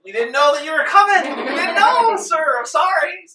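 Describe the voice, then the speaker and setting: A flustered militia officer stammers out apologies in a very high, nervous squeak, as a man puts him on. The tone is bright and thin. It sounds distant in a roomy space. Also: expressive, normal speed, exaggerated voice.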